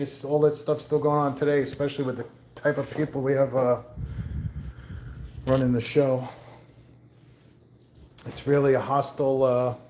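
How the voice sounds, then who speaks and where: This middle-aged New York man, carrying a mixed New York accent, has a mid-range, darkish voice that comes across reverberant. Hosting a livestream outdoors in the wind, he chats casually and rambles as he responds to viewers.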